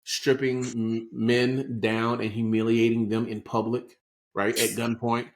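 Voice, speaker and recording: In an unhurried, mid-range voice with little pitch movement, a man co-hosting a podcast discusses current events. The conversation is a casual political chat, and he explains things informally, often checking in with "right?"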